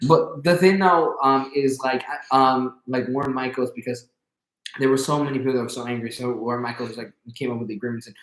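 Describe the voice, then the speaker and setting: A man's voice: mid-range voice, steady tone, brisk, fairly bright tone. Young guy hosting a chat, rambles on with lots of likes, echoey room. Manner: rambling storyteller, many fillers. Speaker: interview host. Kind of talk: casual conversation. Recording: roomy echo.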